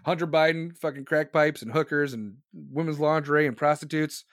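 A man's voice: fairly high pitch, fairly even intonation, normal speed, dry recording, studio quality. A man delivering profane political commentary in a crude, sarcastic manner.

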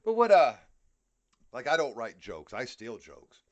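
A man's voice: mid-range voice, big pitch swings, unhurried, muffled recording. A middle-aged man with a New York accent, co-hosting a podcast in a heated, profane casual rant. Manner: heated, profane ranting with frequent swearing. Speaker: podcast co-host. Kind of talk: casual chat.

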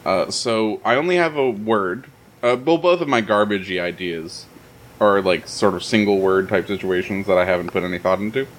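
A man's voice: on the low side, moderate pace, slight background noise. A man hosting a podcast, chatting loosely with fillers and self-deprecating jokes. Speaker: podcast host. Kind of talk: casual podcast chat.

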